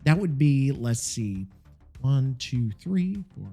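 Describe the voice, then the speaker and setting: With a medium-pitched, slightly rough voice full of vocal fry, a man speaks slowly over soft background music. He hosts a solo podcast and comes across as tired, animated, rambling, and heavily profane in his casual rant.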